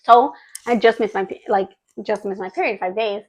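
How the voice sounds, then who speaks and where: A woman's voice: mid-range voice, fairly even intonation, moderate pace. A woman in her thirties hosting a podcast, telling a personal story in a chatty, emotional way, with lots of fillers. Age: 30s. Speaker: podcast host.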